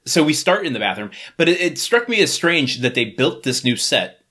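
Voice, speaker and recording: A man's voice: on the high side, big pitch swings, normal speed, bright, forceful tone. A man co-hosting a podcast, steering the casual recap of a sitcom episode and laughing often along the way. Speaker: podcast co-host.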